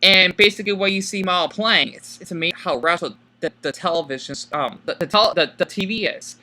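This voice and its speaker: A man talks through a film in a loose, casual commentary. His voice is very bright and sharp-edged. He keeps a flat, monotone delivery, pausing often and leaning on filler words. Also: high-pitched. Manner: self-described monotone, hesitant with many fillers. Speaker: video creator.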